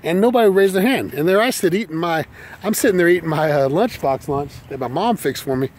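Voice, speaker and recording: A man's voice: a little high, animated, fairly quick, darkish tone, slight background noise. A middle-aged man telling a personal story in a folksy, self-deprecating way, outdoors. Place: outdoors by an old school building.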